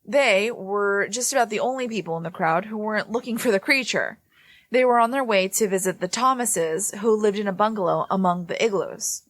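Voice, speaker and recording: A woman with a middle-pitched voice reads a paranormal story on a podcast. She is recorded close on a dry mic, and she keeps the telling casual, with laughs and asides between the lines. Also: a little fast, fairly bright tone, dry recording. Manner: reads the story aloud, breaking off to laugh and joke. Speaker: podcast co-host.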